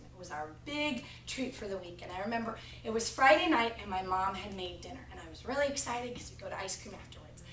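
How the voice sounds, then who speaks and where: A woman's voice: medium pitch, slight background noise. A young woman giving a practice sermon to a class, telling a family story before turning to the text. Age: young adult. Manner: storytelling, animated retelling of family anecdote. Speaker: preaching student. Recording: echoey room from far off.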